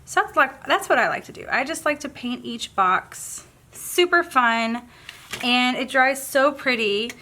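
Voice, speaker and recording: A woman's voice: sits high, a little slow, sharp tone, a little hiss or hum. A woman with a Southern accent chatting casually through a painting tutorial, bubbly and thinking aloud as she works. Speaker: craft tutorial host.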